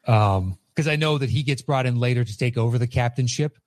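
A man's voice: mid-range voice, a little fast, no room sound. A man co-hosting a casual movie chat, recapping plots in a rambling way with filler words. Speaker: podcast co-host.

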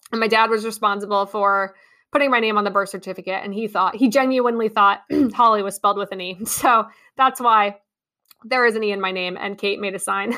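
A young adult woman hosting a podcast, telling a story in a chatty, excitable way with many ums and likes. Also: mid-range voice. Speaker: podcast host. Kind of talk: casual monologue recap.

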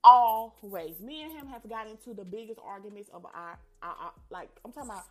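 A young woman hosting a show and telling listeners a personal story in a frank, profane, animated way. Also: medium pitch, fast talker, crowd noise. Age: young adult.

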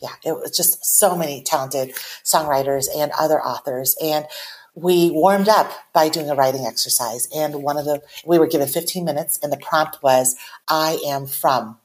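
An author in her forties, originally from Taiwan, speaks on a podcast with a voice sitting a bit low for a woman. She is earnest and reflective. She shapes each thought in measured phrases, whether chatting or reading her own poem aloud. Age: 40s. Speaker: author guest.

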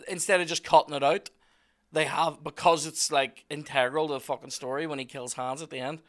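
Male host, slightly high voice, casual sweary storyteller. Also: steady tone, a little fast, a bit bright. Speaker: podcast host. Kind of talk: casual chat.

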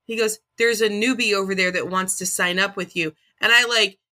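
A woman co-hosting a podcast in casual chat, with a bright, sharp voice at a middle pitch. She talks in an excitable, rambling way, stumbling over her words as her stories tumble out. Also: a little fast. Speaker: podcast co-host.

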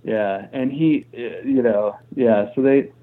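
A man's voice: mid-range voice, takes it slowly, phone-quality sound. A man from Kansas, a musician guest on a podcast, telling stories in a rambling, profane, self-deprecating way with many restarts. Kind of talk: casual storytelling chat.

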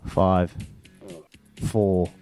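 A man's voice: sits low, flat delivery, very slow, warm tone, faint music behind. Upbeat New radio host, man. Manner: upbeat, matey banter with callers. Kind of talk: radio phone-in quiz.

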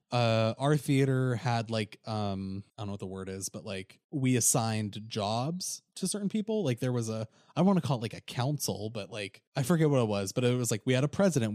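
A man's voice: mid-range voice, expressive, brisk, darkish tone, no room sound. Guy in his 20s on a podcast, choked up telling a story, dry close sound. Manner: emotional storytelling, near tears. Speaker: podcast co-host. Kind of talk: casual chat.

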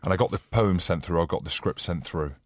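Scottish man, deep voice, rambling jokey stories, podcast banter, dry close sound. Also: brisk, dry recording. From Scotland. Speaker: co-host, former rugby player.

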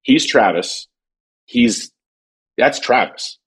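A man's voice: mid-range voice, animated, slow pace, a bit bright, husky. A man chatting casually in a podcast, telling rambling stories from his years at a drum company, full of fillers and restarts.

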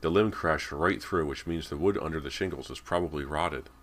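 Bossy practical teen girl, brisk and no-nonsense, deep-voiced guy reading her.

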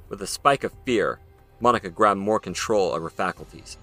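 A man's voice: on the low side, moderate pace, pushed and bright, faint music behind. A man narrating his own audio drama in a dramatic storytelling manner. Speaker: narrator and author.

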